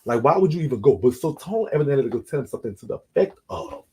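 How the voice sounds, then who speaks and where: A man's voice: medium pitch, very animated, fast talker, a little mellow. A man casually telling a story from his own life in a rambling, digressive, slangy way. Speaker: storyteller recounting his own prison experiences.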